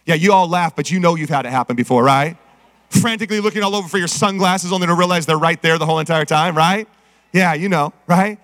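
A middle-aged man preaching a sermon, energetic and calling out to the congregation. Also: fairly high pitch, quick pace. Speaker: pastor. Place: church sanctuary. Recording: reverberant church hall.

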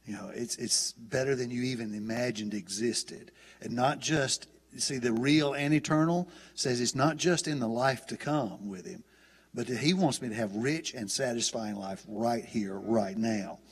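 A breathy edge colors the medium-pitched voice of a Southern US guest preacher speaking at a moderate pace. He gives a folksy, chatty sermon with frequent restarts, and the church auditorium carries long hall reverb.

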